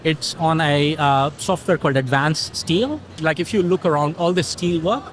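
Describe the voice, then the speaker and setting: A middle-aged man as an interview guest, explaining things in a relaxed conversational way and telling stories with quoted dialogue. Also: fairly high pitch, normal speed, slight background noise. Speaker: interview guest, technology consultant.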